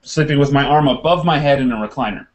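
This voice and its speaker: A man on a casual podcast, excitedly telling a story and acting out the quotes with plenty of laughter. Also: medium pitch, fast, noisy background. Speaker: podcast guest.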